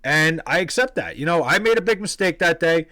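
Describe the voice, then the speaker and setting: A young man from New York casually telling a story, animated, profane and self-deprecating. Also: a little high, brisk, no echo, rough recording. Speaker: vlogger telling a personal story.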